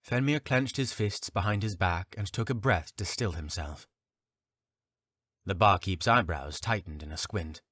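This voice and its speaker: A man narrating a fantasy audiobook in a steady storytelling manner. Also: sits low, unhurried, no room sound, clean studio sound.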